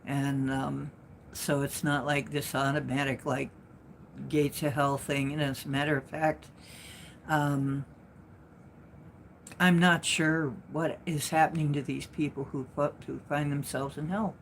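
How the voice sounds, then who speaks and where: Slow, low-voiced woman telling a rambling story. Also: level tone, a little hiss or hum. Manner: rambling, with frequent restarts and asides. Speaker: livestream host and spiritual speaker. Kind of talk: casual storytelling to a live chat.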